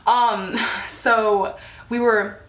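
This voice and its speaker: A woman's voice: fairly high pitch, steady tone, extremely slow, a bit bright, roomy sound. A teenage girl telling embarrassing stories to camera in a chatty, casual way, peppered with "like" and acted-out quotes. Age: teens. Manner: chatty, lots of "like", acts out quotes. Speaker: vlogger.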